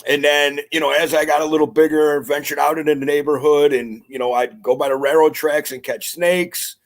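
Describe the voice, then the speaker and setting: A man with a gravelly, somewhat high voice answers podcast questions in casual chat. He rambles humbly through his story, filling it with "you know" and "uh". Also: fairly even intonation, fairly quick. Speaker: podcast guest.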